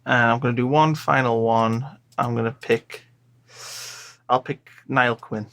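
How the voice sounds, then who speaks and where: A man hosting a podcast, asking questions in a relaxed, conversational way. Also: medium pitch, unhurried, vocal fry. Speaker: podcast host. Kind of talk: casual interview questions.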